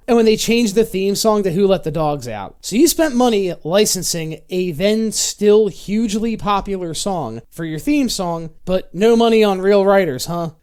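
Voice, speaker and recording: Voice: medium pitch, a little mellow, clean tone. A video reviewer narrating a sarcastic, profane comedy review of an old TV show, sounding exasperated. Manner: sarcastic, exasperated, swears often.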